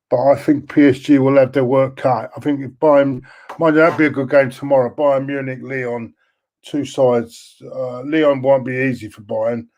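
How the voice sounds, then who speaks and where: A tired man hosting a late-night football chat over a video call, his voice at an ordinary middle pitch. He talks hesitantly, filling pauses with ums and uhs. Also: a little mellow, highs cut off. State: tired, can't sleep. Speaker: host.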